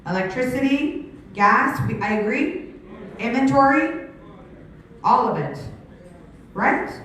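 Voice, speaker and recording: A woman in her sixties, giving an energetic business pitch to a live audience on a handheld mic, her voice strained from shouting. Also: distant mic, slight background noise. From Canada. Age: 60s. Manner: energetic, rapid questions to the crowd. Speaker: sales presenter. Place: large room with an audience. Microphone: handheld microphone. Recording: very echoey hall, mic from afar.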